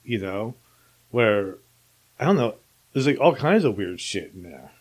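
A man's voice: fairly low pitch, very animated, measured pace. Loose, musing man hosting a podcast. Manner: loose, musing, unsure of himself. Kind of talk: casual podcast conversation.

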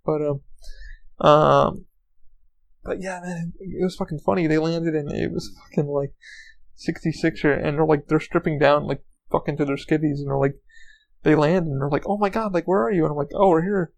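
A man's voice: on the high side, steady tone, normal speed, creaky, poor audio. A man hosting his own podcast, rambling through a casual story with lots of swearing, fillers and restarts. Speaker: podcast host. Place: lives in Orlando, Florida.

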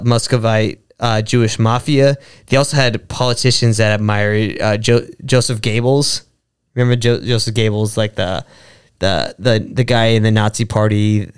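A man's voice: medium pitch, smooth. A man hosting a casual podcast, reading from notes and stumbling over foreign names. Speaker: podcast host.

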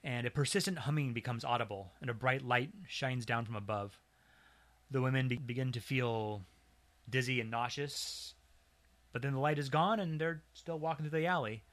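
A man's voice: mid-range voice, moderate pace, fairly bright tone. A man co-hosting a podcast, casually recounting a strange story with dry humor. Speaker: podcast co-host.

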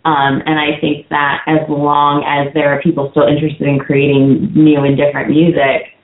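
A woman's voice: low voice, monotone, normal speed. A woman co-host shares her thoughts in an earnest, reflective way. Her voice rings with a roomy echo. It comes through a narrow, phone-like band. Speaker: radio show co-host. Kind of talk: casual talk show conversation. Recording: echoey phone-like sound.

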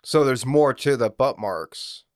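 A blunt, deadpan man co-hosting a podcast who swears freely and sounds tired. His voice is clear and smooth at a middle pitch. The recording is dry and close. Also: a little slow, dry recording. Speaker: podcast co-host. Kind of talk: casual chat.

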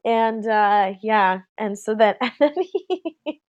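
A woman's voice: mid-range voice, slow pace, no room sound, highs cut off. A young woman casually telling a story to a friend, laughing often and acting out what people said. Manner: animated, laughing often, quoting people in voices.

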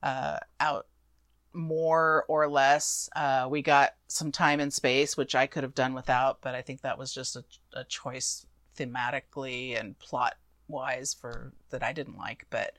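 A woman's voice: a bass voice, steady tone, measured pace, fairly bright tone, dry recording, clean studio sound. A woman co-hosting a casual movie review chat, easygoing and defending the film.

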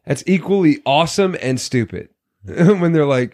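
A man chatting casually about a movie, retelling scenes in a mocking, animated way. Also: on the high side, measured pace.

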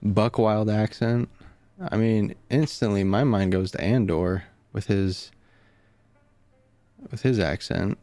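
A man's voice: fairly low pitch, slow pace, long pauses, warm tone, no echo. A man hosting a podcast, chatting casually with a hyped, talkative manner. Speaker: podcast host. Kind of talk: casual chat.

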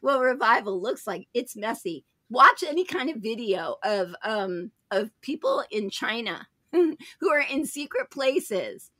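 A woman hosting a faith talk show, telling spiritual stories in an emphatic way, jumping into loud, high voices when she quotes people. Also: big pitch swings, unhurried, few pauses, no echo, studio quality. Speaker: host. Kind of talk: animated charismatic testimony chat.

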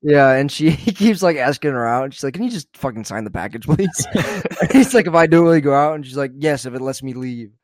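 A man's voice: on the high side, quick pace, dry recording, studio quality. A man co-hosting a podcast over a video call, chatting casually, teasing his co-host and laughing as he quotes scenes. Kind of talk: casual chat.

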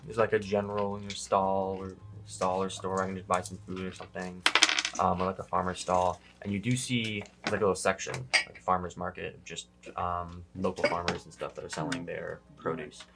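A man narrating as game master of a tabletop game, improvising his descriptions with many pauses and fillers. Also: sits low, flat delivery, gravelly, loud music behind the voice. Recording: noisy recording.

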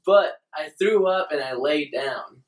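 A man's voice: fairly high pitch, unhurried, far from the mic. A young man telling crude stories in casual chat, laughing and acting out his own reactions. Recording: roomy sound from off the mic.

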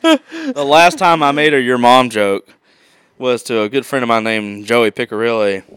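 A relaxed man chatting on his podcast, spinning jokes and stories with an easy laugh. His voice is smooth and clean, recorded close and dry with no room sound. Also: mid-range voice, normal speed, no room sound. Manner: laid-back storyteller who laughs often. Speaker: podcast host. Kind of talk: casual podcast chat.

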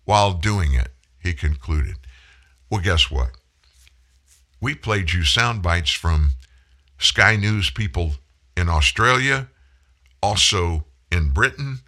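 A man's voice: lowish voice, pushed and bright. A man in his sixties hosting a political talk show, delivering emphatic commentary and stretching out key words for effect. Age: 60s. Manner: emphatic, punches single words, slows down for effect.

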